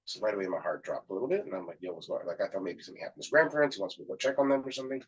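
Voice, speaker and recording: Deep husky man telling a story. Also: racing, muffled recording. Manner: animated storyteller, quotes people in the story. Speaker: yeshiva staff member. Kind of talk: casual storytelling in conversation.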